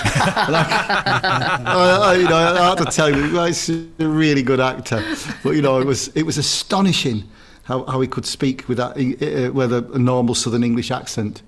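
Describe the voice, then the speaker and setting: A man's voice: mid-range voice, moderate pace, background noise. Rambling storytelling man. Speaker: co-host. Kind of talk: casual chat, anecdote.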